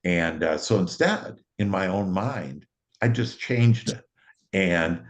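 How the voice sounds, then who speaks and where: A middle-aged man with a notably low voice hosts a relaxed conversation. He rambles with plenty of fillers, "uh"s and self-corrections as he tells stories. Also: slow. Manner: rambling, with many fillers and restarts. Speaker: host. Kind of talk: casual conversation.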